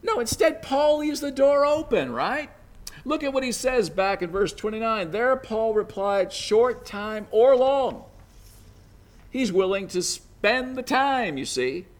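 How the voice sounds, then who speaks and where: A man's voice: extremely high pitch, very animated, measured pace. A man preaching a sermon in a conversational way, often saying "you know" and building to emphatic bursts.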